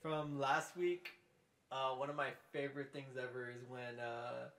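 A man's voice: medium pitch, level tone, unhurried, a bit bright. A man co-hosting a wrestling podcast, talking with enthusiasm, laughing as he speaks and swearing casually. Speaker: podcast co-host. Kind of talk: casual chat.

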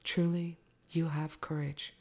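Brief: stern wolf-cloaked stranger, voiced by a woman, whispered role-play, low and dark, clipped. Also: level tone, takes it slowly. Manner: stern, authoritative. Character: commanding wild man in a wolfskin cloak.

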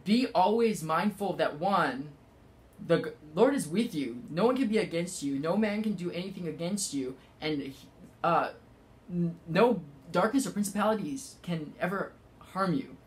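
A man giving a casual spiritual talk, rambling with many fillers and halting restarts. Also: sits high, lively intonation. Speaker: spiritual vlogger.

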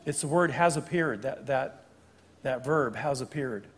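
An older man, a guest preacher, delivers a sermon in a church sanctuary, his mid-range, slightly rough voice moving at a measured pace through the large hall. He explains scripture conversationally, now and then correcting himself with small fixes.

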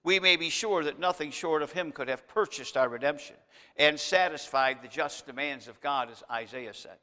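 A man's voice: fairly high pitch, moderate pace, sharp tone. A man preaching a sermon as pastor, speaking straight to his congregation and building to emphatic peaks. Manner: preaching with rising emphasis, addressing the congregation directly. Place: church sanctuary. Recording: long church reverb.

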